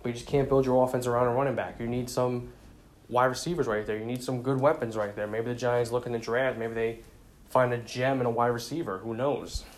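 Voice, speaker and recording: A male sports commentator gives football predictions in a casual, conversational way, often repeating his points and saying "you know." His mid-range voice has a flat delivery and moves a little fast.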